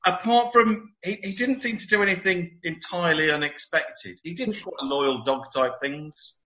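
A man's voice: high voice, normal speed, bright, forceful tone. A man talking as a panel guest, hesitant and often repeating his words. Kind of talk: casual panel chat. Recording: dull lo-fi sound.

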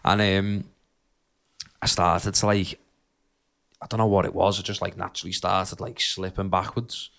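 A man's voice: low voice, level tone, moderate pace, creaky, long pauses, fairly bright tone. A young man telling a rambling childhood story on a podcast, laughing often and using lots of fillers. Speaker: podcast co-host. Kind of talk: casual storytelling chat.

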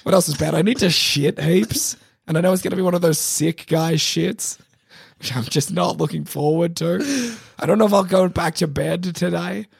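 A sick man with a sore, hoarse throat, chatting casually as a podcast co-host and mocking himself with frequent laughs. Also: a little high, normal speed, dry recording, studio quality. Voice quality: hoarse, gravelly. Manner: self-mocking, laughing often. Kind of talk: casual chat.

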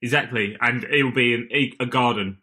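Male podcast host, punchy bright tone, chatty banter. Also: mid-range voice, fairly even intonation, normal speed. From United Kingdom. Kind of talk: casual chat.

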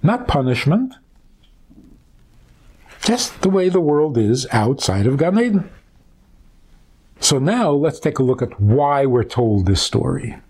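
A rabbi speaks in a slightly husky voice, unhurried, with a lot of rise and fall in pitch. He retells an old story as a teaching and keeps stopping to ask his listeners rhetorical questions. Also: very animated, darkish tone.

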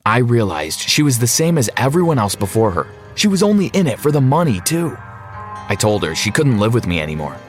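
A man's voice: mid-range voice, very animated, a little fast, music in the background. A man narrating a first-person story in an earnest, reflective way.

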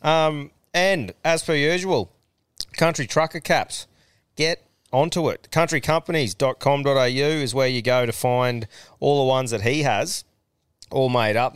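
Australian male podcast host, smooth voice, dry studio sound, easygoing and foul-mouthed. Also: medium pitch, no room sound. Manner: laid-back, swears freely. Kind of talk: casual podcast chat.

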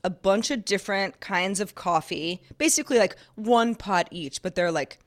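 A woman's voice: medium pitch, normal speed. A woman co-hosting a podcast in casual chat, rambling cheerfully and laughing often. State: sore shoulder. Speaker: podcast co-host.

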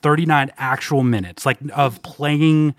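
A man's voice: on the high side, dry recording. A man co-hosting a podcast in casual chat, dry and sarcastic in manner. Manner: dry, sarcastic, quick-talking. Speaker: podcast co-host.

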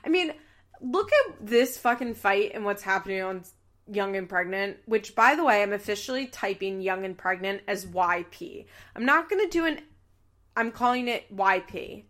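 A woman hosting a podcast, recapping a reality show in casual, animated chat with laughs and swearing. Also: mid-range voice.

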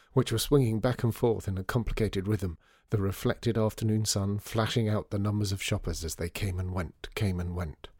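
A man narrating a storybook in a measured, gently wry way. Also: fairly low pitch, husky, no echo, clean studio sound. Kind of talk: storybook reading.

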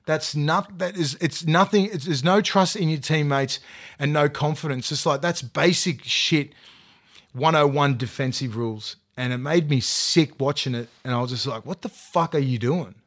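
A man's voice: a little high, fairly even intonation, normal speed, fairly bright tone. Fired-up, swearing man. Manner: heated, profane ranting with lots of fillers. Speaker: former rugby league player, panelist. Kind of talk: casual podcast chat.

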